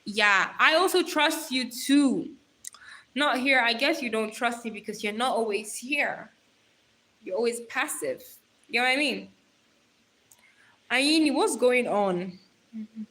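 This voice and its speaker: A woman's voice: on the high side, a little slow, long pauses, fairly bright tone, poor audio. A young woman hosting a casual livestream on her phone, reading out viewer comments and talking straight to them in a chatty, giggly way. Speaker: livestream host.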